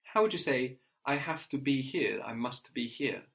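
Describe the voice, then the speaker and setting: A man's voice: mid-range voice, animated, moderate pace, vocal fry, fairly bright tone. Patient male language teacher. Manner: patient, explanatory, often adds a questioning "no?". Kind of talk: spoken language lesson.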